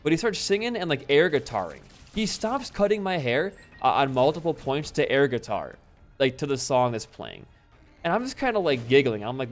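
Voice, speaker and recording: A man's voice: mid-range voice, animated, a little fast, faint music behind. A young man telling a rambling story while playing a game, swearing freely and breaking off to react to the game. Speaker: gaming YouTuber.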